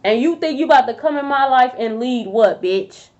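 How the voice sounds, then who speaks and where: A woman's voice: high voice, lively intonation, moderate pace, darkish tone. A woman giving a tarot reading in a casual, blunt and profane rant. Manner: blunt, profane, fired-up talk. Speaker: tarot reader. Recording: dull lo-fi audio.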